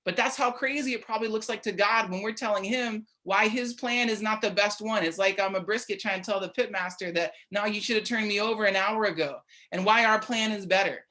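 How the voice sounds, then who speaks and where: A woman's voice: medium pitch, a little fast, few pauses, pushed and bright. A young woman giving a casual, conversational midweek sermon, often checking in with her listeners by asking "right?". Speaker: church speaker.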